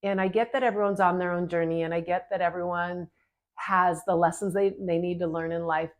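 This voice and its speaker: A middle-aged woman, an energy healer, telling a heartfelt story about a client in an earnest, gently spiritual way, with long flowing phrases. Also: lowish voice, steady tone, a little fast.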